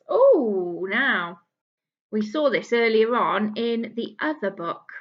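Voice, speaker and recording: A woman teaching a phonics lesson to young children, speaking gently and encouragingly as she claps out syllables. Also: a little high, lo-fi sound.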